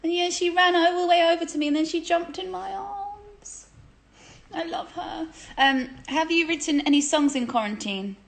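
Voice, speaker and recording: A woman's voice: very high-pitched, normal speed, creaky. A young woman in her twenties, co-hosting a casual phone live stream, chatty and giggly as she reads out viewer comments. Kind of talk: casual chat.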